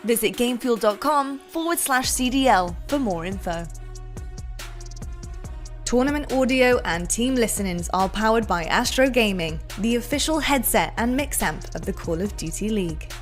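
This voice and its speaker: A woman reading a scripted sponsor announcement in a smooth, even promotional delivery. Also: fairly high pitch, moderate pace, faint music behind. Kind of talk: scripted ad read.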